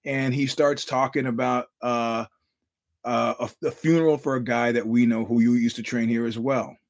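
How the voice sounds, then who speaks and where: A man's voice: mid-range voice, fairly even intonation, normal speed. Rambling middle-aged male podcast host. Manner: rambling storyteller, profane, many restarts. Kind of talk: casual monologue.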